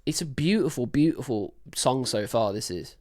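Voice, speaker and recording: A woman's voice: very deep voice, lively intonation, normal speed. A woman hosting a music reaction, talking casually and enthusiastically with lots of fillers as she breaks down a song. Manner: enthusiastic, rambling with many fillers.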